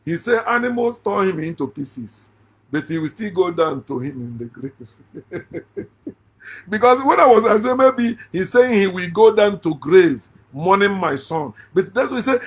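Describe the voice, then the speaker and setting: A man's voice: high-pitched, sing-song, a little slow, husky. A middle-aged man with a Nigerian accent, giving a sarcastic, laughing monologue about a Bible passage. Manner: laughs often, sarcastic, rising into shouts. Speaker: online Bible commentator. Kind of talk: mocking monologue on scripture.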